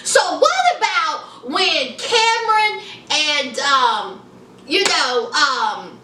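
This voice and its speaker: Sassy high-voiced woman reviewing a show. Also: very animated, very slow, noisy background. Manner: sassy, chatty, calls viewers honey and child. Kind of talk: casual TV review chat. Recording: echoey room, mic at a distance.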